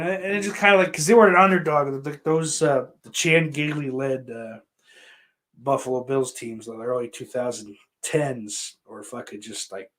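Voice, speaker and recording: New guy on a podcast, rambling and cursing a lot, tons of likes and you knows, middle pitch. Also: a bit bright. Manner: rambling, swears often, many fillers and restarts. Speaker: podcast host. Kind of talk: casual chat answering viewer questions.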